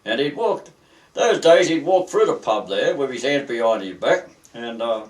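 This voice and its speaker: An older Australian man, a retired seaman, telling stories in a rambling, halting way with many restarts during an oral history interview. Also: medium pitch, expressive, far from the mic.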